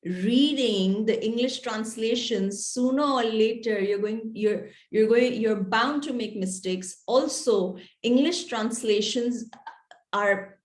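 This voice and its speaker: A woman's voice: a little high, slow pace. Woman, author guest, earnest, thoughtful, echoey room. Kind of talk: interview, explaining.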